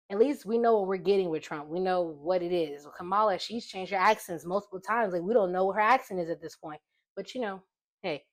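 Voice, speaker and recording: A woman in her twenties hosting a casual opinion vlog, talking in an animated, rambling way and breaking into exclamations. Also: mid-range voice. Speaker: vlog host.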